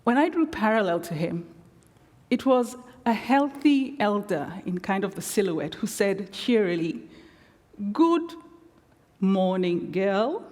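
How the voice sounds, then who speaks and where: A woman giving a lecture as reflective storytelling, measured with wry asides, in a large theatre. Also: mid-range voice, a little mellow. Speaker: guest lecturer. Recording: long theatre reverb.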